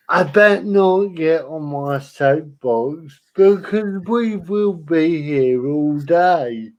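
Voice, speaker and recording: A man hosts a relaxed chat, speaking very slowly and deliberately. His replies are often short, and his voice sits a little high. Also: low-quality recording. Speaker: host. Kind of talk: casual chat.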